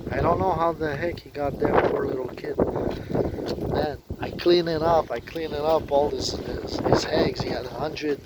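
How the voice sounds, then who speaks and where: A man rambling in halting, full of fillers and restarts, recorded outdoors near his tent. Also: medium pitch. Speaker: vlogger. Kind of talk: rambling spoken monologue. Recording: noisy outdoor recording with passing traffic. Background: outdoor ambience and vehicles.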